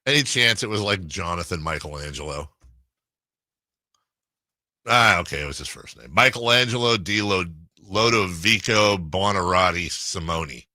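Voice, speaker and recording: Brief: male sports radio host, animated and riffing, crisp bright tone. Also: sits low, normal speed, no room sound, studio quality. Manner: animated, riffing, laughs often. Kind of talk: casual sports talk radio.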